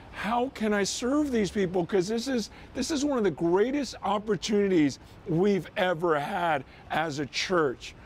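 A man's voice: high voice, a little mellow, slight background noise. A man pastor sending a casual, earnest video message to his church, talking conversationally with frequent "you know" and "man".

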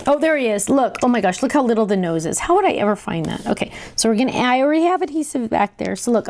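A middle-aged woman hosting a craft tutorial, chatty and excitable, talking to herself as she works. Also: on the high side. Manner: chatty and excitable, talks to herself while working. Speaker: crafting show host.

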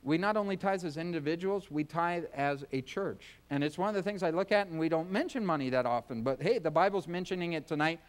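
A man's voice: a little high, a little fast, few pauses. A man preaching a sermon as pastor, folksy and joking, acting out voices to make his points. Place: church.

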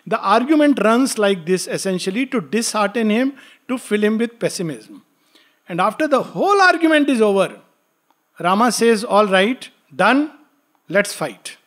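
A man teaching a spiritual study class. He explains ideas plainly, reads verse slowly, and laughs lightly as he talks. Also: sits high, animated, fairly bright tone. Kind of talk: lecture with poetry reading.

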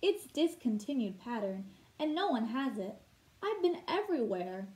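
A fussing, breathless lady customer in a read-aloud storybook, as a woman puts her on. The voice sits well above an ordinary speaking pitch and hurries through its worries. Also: sing-song, normal speed, a little mellow, roomy sound. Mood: flustered. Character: flustered genteel older woman customer.

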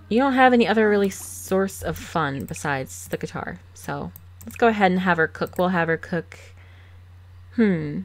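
A woman hosting a game let's play, chatting casually with quick laughs and sarcastic asides, recorded on a desk microphone at home. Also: on the low side, animated. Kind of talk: casual gameplay commentary.

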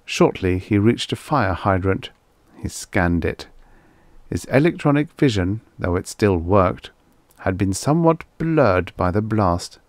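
Guy reading old sci-fi stories aloud, slow and lively, dry close mic. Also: fairly low pitch, dry recording. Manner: measured storytelling, expressive. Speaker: audiobook narrator. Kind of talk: scripted narration.

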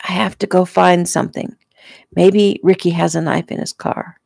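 A woman voicing a frightened young woman, speaking anxiously in hushed tones. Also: lowish voice, fairly even intonation, moderate pace, creaky, no echo, studio quality.

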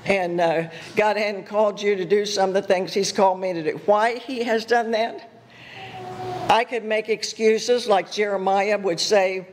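An older woman giving a guest sermon, telling personal stories in an animated way, laughing and acting out her own thoughts. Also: medium pitch, a little slow. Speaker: guest speaker at church. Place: church sanctuary. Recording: echoey church hall with faint noise.

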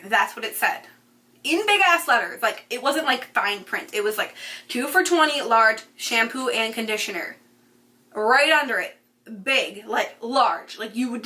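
Young woman beauty vlogger, casual ranting storyteller, bright tone, slightly high voice. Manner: fast, ranting, lots of "like" and swearing. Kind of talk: casual storytelling while doing makeup.

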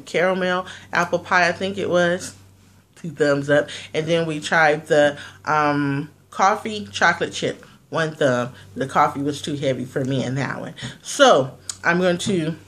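A woman's voice: low-pitched, fairly bright tone. A woman vlogger chatting casually as she reviews products and reads out ingredient lists.

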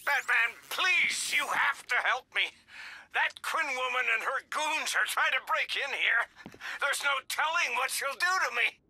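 A man's voice: extremely high pitch, a little slow, sharp tone, husky, exaggerated voice. An actor playing a frightened man pleading for help in a video game. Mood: panicked. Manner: panicked, pleading.

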